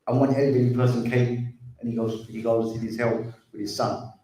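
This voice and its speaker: A man's voice: medium pitch, flat delivery, normal speed, warm tone. A man giving an earnest community talk about drug addiction, repeating himself and calling the listeners brothers and sisters. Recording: very echoey hall, distant mic.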